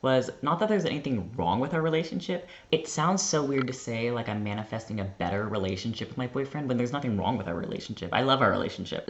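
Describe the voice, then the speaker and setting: Brief: young American man, mid-pitched, casual rambling vlogger, muffled lo-fi recording. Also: expressive, quick pace, hardly any pauses. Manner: chatty, rambling, heavy use of "like". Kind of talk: casual storytelling vlog.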